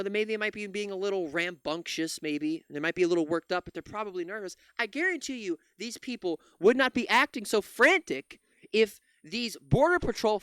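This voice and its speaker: A man's voice: high voice, bright, forceful tone, clean tone, no room sound, studio quality. A man commentating on video clips, ranting angrily with lots of swearing and stumbling restarts. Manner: heated, profane, ranting with many restarts. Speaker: political commentator reacting to clips. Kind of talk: angry reaction commentary.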